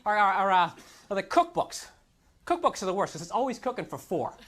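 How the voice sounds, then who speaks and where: Very animated and fairly quick, a high-voiced comic rants on a comedy club stage, exasperated and mocking himself while putting on mocking voices. Audience laughter and crowd noise fill this live recording.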